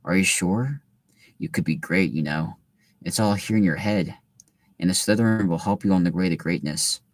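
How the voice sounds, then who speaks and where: A shrewd old talking hat from a storybook weighs up a young student, musing low and slow, as a man reads it aloud. The voice sits deep and the sound is close and dry, with no room around it. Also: no echo.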